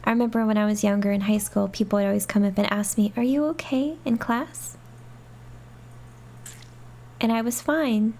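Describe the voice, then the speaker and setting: A young adult woman gaming streamer giving chatty let's play commentary, talking softly to herself with excited squeals. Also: mid-range voice, moderate pace, pauses often.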